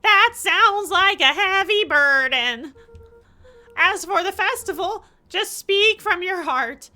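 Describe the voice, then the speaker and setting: A woman voicing a kindly elder townsperson who speaks slowly and loudly, drawing out each word. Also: extremely high pitch, expressive, faint music behind, voice pushed up, full character voice. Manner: slow, drawn-out and emphatic.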